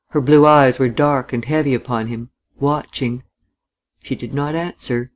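A man reading a novel aloud as an audiobook narrator, measured and even. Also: medium pitch. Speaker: audiobook reader.

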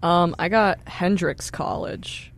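A woman co-hosting a college radio show, chatting in an excitable way. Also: fairly low pitch, slow pace, vocal fry. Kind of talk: casual radio chat.

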